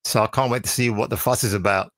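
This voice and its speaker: A man's voice: fairly low pitch, steady tone, quick pace, a bit bright, no room sound. A man in casual conversation, chatty and opinionated, talking about films. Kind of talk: casual watch-along chat.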